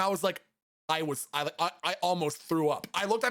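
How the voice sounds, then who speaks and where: A man's voice: on the high side, brisk, a bit bright. A young man, a streamer, telling a funny story in a casual, profane, self-mocking way.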